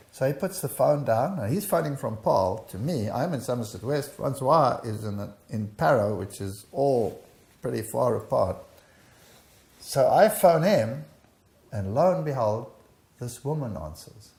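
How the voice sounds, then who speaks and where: The older man in this interview speaks a little slowly in a mid-range voice with vocal fry. He tells his personal testimony in an animated way, acting out the dialogue, while the recording echoes with a roomy quality.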